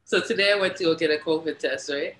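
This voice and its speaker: A man's voice: on the high side, fast, fairly bright tone, a little hiss or hum. A man in casual chat, telling a story and laughing between phrases. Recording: echoey room.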